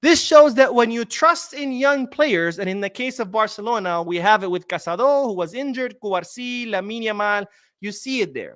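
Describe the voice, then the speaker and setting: A man's voice: high-pitched, moderate pace, fairly bright tone, no room sound, studio quality. A young man hosting a live-streamed football podcast, ranting sarcastically and reading out viewer comments. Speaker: podcast host.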